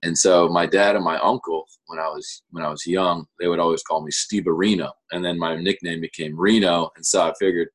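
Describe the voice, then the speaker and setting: A man's voice: low voice, steady tone, brisk, hardly any pauses, husky, low-quality recording. A young man, a guest on an interview show, chatting casually and explaining things in an easygoing, rambling way. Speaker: guest pitcher.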